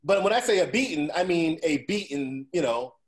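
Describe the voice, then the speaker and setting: A forty-something male podcast host tells stories during a casual chat, cursing frequently and asking "right?" to keep his listener along. His voice runs a little high and expressive, at a moderate pace.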